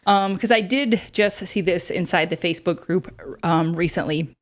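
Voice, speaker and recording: A woman's voice: on the low side, normal speed, soft background music. A woman in her thirties hosting a casual advice podcast, chatty, with many fillers and frequent laughs. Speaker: podcast host.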